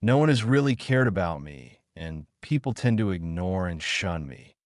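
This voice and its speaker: A man voicing a calm, guarded teenage boy ninja who speaks nonchalantly in a fan fiction reading. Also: low-pitched, moderate pace, no echo, studio quality.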